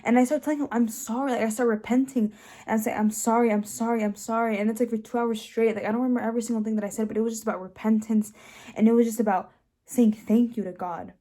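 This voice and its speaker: Young woman telling her faith testimony, warm mellow voice, lots of "like" and restarts. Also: fairly high pitch, fairly even intonation, fast. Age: young adult. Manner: earnest, filler-heavy with frequent restarts. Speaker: host sharing her testimony. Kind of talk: personal testimony, casual storytelling.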